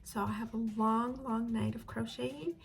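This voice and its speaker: A woman's voice: a little high, fairly even intonation, normal speed, creaky. A woman chatting casually in her home kitchen while she vlogs about crochet, with giggles and self-mocking asides. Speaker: crochet vlogger. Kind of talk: casual vlog chat.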